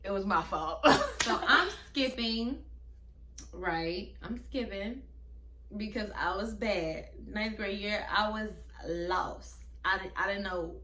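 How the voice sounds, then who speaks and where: A woman's voice: medium pitch, slow pace, sharp tone, slight background noise. Brash young woman vlogging in an echoey room. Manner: brash, emphatic and profane, talking straight to viewers. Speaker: vlogger telling a personal story. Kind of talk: casual storytime.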